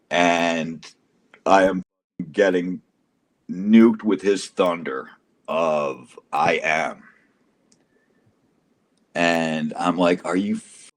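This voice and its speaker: A man telling an emotional personal testimony as an interview guest, casual and profane, acting out quotes dramatically. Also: low voice.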